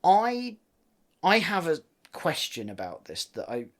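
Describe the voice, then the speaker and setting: Guy on a podcast, super animated, pitch all over the place, laughs a lot. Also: a little slow. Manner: animated, laughing, loud acted-out quotes. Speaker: podcast co-host. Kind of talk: casual recap chat.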